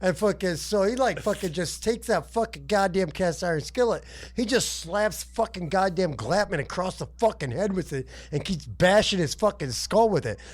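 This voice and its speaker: A high-voiced man co-hosting a casual podcast, swearing his way through rambling stories. He talks loosely and chuckles as he goes. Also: lively intonation, normal speed. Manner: profane, laughing, rambling storytelling. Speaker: podcast co-host.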